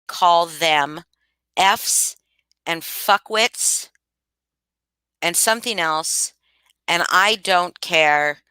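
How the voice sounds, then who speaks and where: A woman's voice: on the low side, pushed and bright, smooth, no room sound. A woman talking casually to her live chat, emphatic and repeating her points with many restarts. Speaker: livestream commentator. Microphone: home streaming mic.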